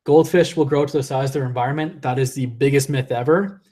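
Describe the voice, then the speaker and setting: A man's voice: mid-range voice, fairly even intonation, fast, warm tone. Rambling young man losing his voice. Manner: rambling, self-interrupting, laughs often. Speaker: live-stream host reading viewer chat. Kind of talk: casual live-stream chat.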